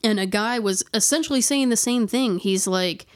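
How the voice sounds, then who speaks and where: A woman's voice: fairly high pitch, moderate pace. A woman co-hosting a podcast, telling a ghost story in casual chat, full of "like" fillers and restarts. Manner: rambling, many "like" fillers and restarts.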